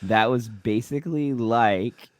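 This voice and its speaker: A man's voice: mid-range voice, slow pace, no room sound, studio quality. A man co-hosting a podcast, chatting casually, often laughing and searching for words. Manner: giggly, rambling, searching for words. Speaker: podcast co-host. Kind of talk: casual chat recapping a TV episode.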